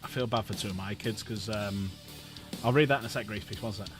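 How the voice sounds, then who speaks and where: Male streamer host, easygoing chatter, clear guitar music playing under him. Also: lowish voice, brisk. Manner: chatty and jokey, repeats phrases. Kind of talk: casual live-stream chat.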